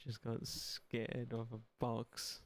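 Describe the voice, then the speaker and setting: A man's voice: medium pitch, completely flat delivery, slow pace. A young Irish man chatting casually on his live stream, rambling, swearing freely and making dry, sarcastic asides. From Ireland. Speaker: livestream gaming host.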